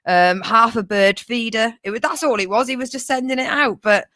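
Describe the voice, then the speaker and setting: A woman's voice: fairly high pitch, normal speed, pushed and bright, dry recording, studio quality. A young woman co-hosting a comedy podcast, chatty and joking, swearing and laughing a lot. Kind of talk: casual comedic banter.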